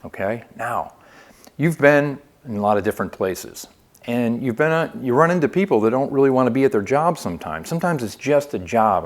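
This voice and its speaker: Guy running a phone sales training, super animated pitch, keeps asking okay?. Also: a little fast. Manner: upbeat coaching, lively inflection, frequent "okay?" check-ins. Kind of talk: training video lesson.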